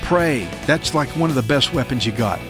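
A male pastor preaching a radio sermon, earnest and emphatic, slowing down to read scripture. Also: mid-range voice, expressive, over music.

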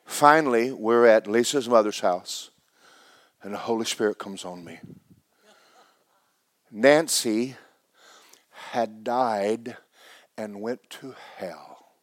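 A low-voiced preacher delivers his sermon with loud, emphatic force, then sinks into a hushed, almost whispered intensity. The man's voice is captured dry and close, with no room sound around it. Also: slow, pauses often, no echo.

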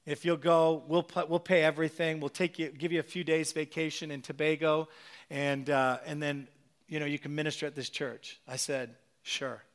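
A middle-aged man preaching a sermon, animated and telling a personal story with acted-out quotes. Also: on the high side, normal speed.

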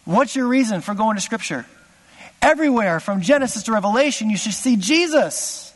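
A man preaching a sermon as pastor, impassioned, swinging from loud exclamations to hushed asides. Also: high-pitched, lively intonation, normal speed, long reverb tail.

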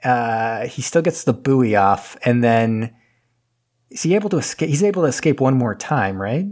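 A man's voice: mid-range voice, lively intonation, moderate pace, darkish tone. Rambling man recapping a movie. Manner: rambling, filler-heavy, loses his train of thought. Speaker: podcast co-host recapping a movie.

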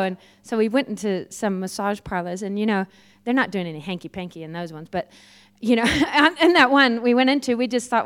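A woman preaching a sermon, telling personal stories in a lively way and laughing often. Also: mid-range voice, fairly quick, few pauses, clear, resonant tone. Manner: lively storytelling, laughs often, acts out quoted voices. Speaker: guest preacher.

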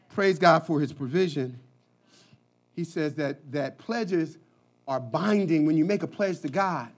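A male pastor preaching an impassioned sermon, moving between shouted cries and hushed, quiet passages. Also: a little high, a little slow.

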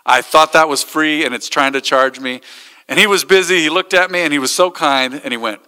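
Bright-voiced pastor preaching in a hall. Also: male voice, a little high, quick pace. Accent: American. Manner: storytelling with acted-out quotes. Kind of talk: sermon.

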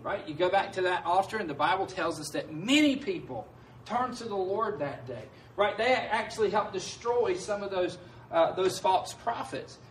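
A man's voice: high-pitched, lively intonation, normal speed, a little hiss or hum. A male pastor preaching a sermon in a conversational way, often asking his listeners "right?". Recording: echoey room heard from a distance.

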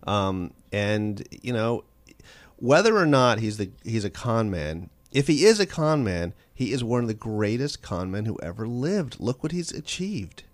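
A man being interviewed as an author on a call-in radio show, telling stories in a quick, animated way with frequent restarts. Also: fairly low pitch, no echo. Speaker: author guest.

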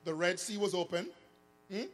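A man preaching a sermon, swinging between sung, shouted emphasis and hushed asides. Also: sits high, steady tone, normal speed. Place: church hall. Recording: long church reverb with faint music.

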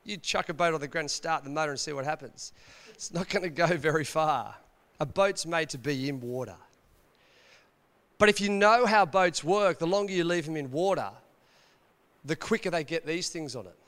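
A man's voice: fairly high pitch, moderate pace, a bit bright. An Australian man, a pastor, preaching a conversational sermon in church, telling stories and asking the congregation rhetorical questions. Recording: long reverb of a church hall.

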